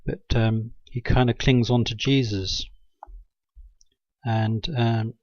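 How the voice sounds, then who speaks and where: Man, dry sarcastic rambler, mid-pitched, hesitant with lots of ums, dull lo-fi home recording, close and dry. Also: level tone, slow pace, darkish tone, no echo. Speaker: video maker. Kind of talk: rambling satirical monologue.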